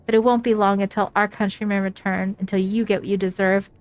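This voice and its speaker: A woman doing a hostile, broken young soldier for a game read-through, mid-pitched and plain. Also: level tone, fairly quick, faint music behind, close to an everyday voice. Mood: bitter. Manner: reads game dialogue aloud, lightly dramatic. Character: bitter wounded young male enemy soldier.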